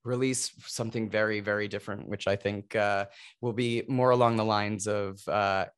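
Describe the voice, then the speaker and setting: A man's voice: lowish voice, fairly even intonation, normal speed, clean tone. A man in his thirties, a stage actor, recalling memories in an earnest, emotional way over a video call. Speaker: Broadway actor, guest.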